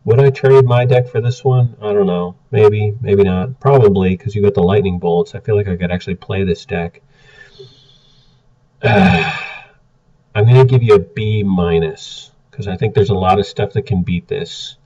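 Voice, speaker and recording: A man's voice: on the low side, unhurried, dark tone. A man giving blunt, exasperated casual commentary as he reviews card game decks. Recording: muffled, distant from the mic.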